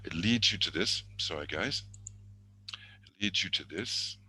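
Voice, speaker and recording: A man's voice: low-pitched, animated, unhurried, sharp tone, slightly rough, low-quality recording. A man teaching an online exam-prep lesson over a video call, thinking aloud and correcting himself as he goes, with murmured asides.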